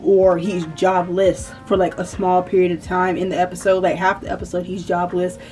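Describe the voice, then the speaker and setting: A woman's voice: lowish voice, little pitch movement, normal speed, a little mellow, distant mic. Chatty woman with a country accent. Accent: Southern US country. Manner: chatty, rambling, self-correcting. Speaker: YouTuber. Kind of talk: casual commentary vlog. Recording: voice a bit off-mic with faint music.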